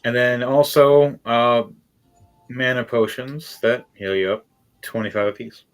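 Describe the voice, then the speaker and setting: A man's voice: medium pitch, steady tone, unhurried, faint music behind, poor audio. A man narrating a tabletop game as game master, in a rambling, playful way.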